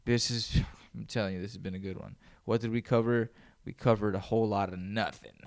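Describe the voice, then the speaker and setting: A man's voice: on the low side, steady tone, fairly quick, creaky. A man hosting a solo podcast, talking in a loose, rambling way full of swearing. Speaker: podcast host. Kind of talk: casual solo podcast monologue.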